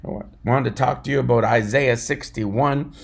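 A man preaching a fervent podcast sermon, swinging between loud shouts and low murmurs. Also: fairly even intonation, moderate pace. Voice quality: gravelly, husky.

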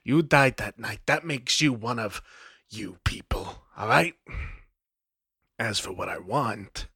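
A man's voice: on the low side, animated, slow, creaky, bright, forceful tone, husky, no echo, studio quality, full character voice. A man voicing a scrawny, androgynous punk vampire who talks in slangy, drawling threats and sometimes sinks into a whisper. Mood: menacing. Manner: slangy, drawling tough talk.

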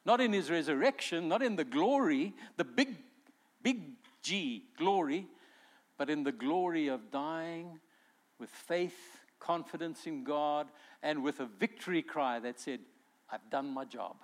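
Brief: male pastor, earnest preacher, voice sits a bit high. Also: expressive, measured pace. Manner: earnest preaching with acted-out quotes. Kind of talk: sermon.

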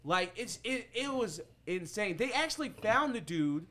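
A young man hosting a podcast, telling a story in casual chat, animated and slangy and swearing freely. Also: high voice, measured pace. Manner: animated and slangy, swears freely, gets loud when outraged. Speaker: podcast host.

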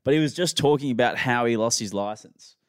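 A man's voice: mid-range voice, a little fast, clear, resonant tone, no room sound, clean studio sound. A man co-hosting a podcast, casually telling a rambling story and acting out the people in it. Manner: rambling storyteller, animated quotes. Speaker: podcast co-host. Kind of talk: casual chat.

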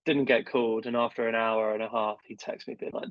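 Telling chatty stories at his own expense with plenty of fillers, a young government affairs professional sits for a casual podcast interview. He talks fairly quickly in a low-leaning voice with huge pitch swings and vocal fry; there's no room sound, and the audio is dull, dry and lo-fi.

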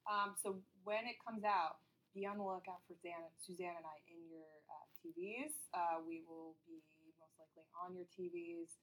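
Woman hosting a podcast, chatty, lots of ums, lowish voice. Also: steady tone, moderate pace, a bit bright, poor audio. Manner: chatty, with many ums and uhs. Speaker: podcast host. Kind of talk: casual chat.

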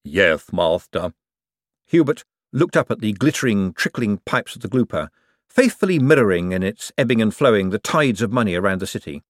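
Man, audiobook narration, expressive pitch, dry close sound. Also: brisk, no echo. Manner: expressive, wry storytelling. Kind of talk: scripted narration.

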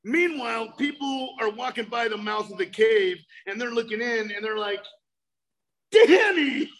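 A man with a very high, bright, forceful voice shares his own recovery story. He speaks emphatically, building to loud bursts as he tells his tale. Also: fairly even intonation, normal speed, rough recording. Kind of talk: personal recovery talk.

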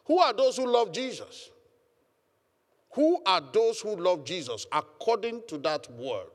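A man's voice: high-pitched, very animated, slow pace, pauses often, big-room sound. A man preaching a sermon as pastor, emphatic and calling on the congregation to respond. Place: church hall.

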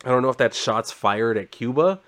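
A man casually recapping a comic issue, rambling and sarcastic, with frequent swearing and flatly read character lines. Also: mid-range voice, a little fast. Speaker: comic book reviewer.

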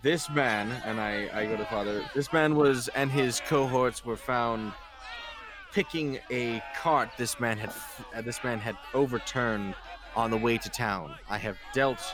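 A man with a lowish voice taking his turn in a tabletop game. He speaks formally as his devout character and stumbles over words when he steps out of it. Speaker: player. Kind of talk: playing a pious knight in a tabletop game.

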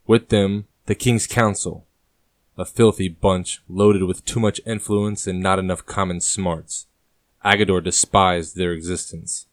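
A man quietly narrating a historical story in an even reading voice. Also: low voice, no room sound, clean studio sound.

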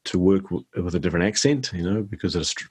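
A middle-aged man with a New Zealand accent, chatting as a guest actor in an interview, relaxed and self-deprecating. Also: low-pitched, fast, slightly rough. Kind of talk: casual interview chat.

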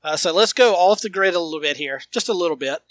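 Guy cohosting a football podcast, lively, laughs a lot, dry close mic. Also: high-pitched, fast talker, dry recording. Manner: animated, laughs often, broadcaster-style flourishes. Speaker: podcast co-host. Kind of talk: casual sports chat.

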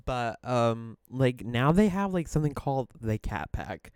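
A man's voice: mid-range voice, big pitch swings, a little slow, a little mellow, clear, resonant tone, dry recording, studio quality. A man co-hosting a casual hangout podcast, rambling with lots of "like" and restarts and laughing often. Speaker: podcast co-host. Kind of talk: casual chat.

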